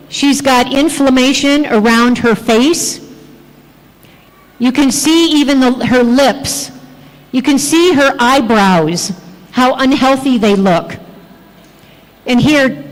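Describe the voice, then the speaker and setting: A woman giving a health presentation at a church, telling lively patient stories and pointing out details in photos. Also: high voice, long reverb tail, poor audio. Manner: lively anecdotal storytelling, acting out patients' replies. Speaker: health speaker. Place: church hall.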